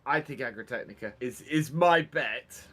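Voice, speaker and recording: A man doing live esports commentary on a farming game, animated and quick to laugh. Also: mid-range voice. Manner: animated, laughs often, drawn-out phrasing.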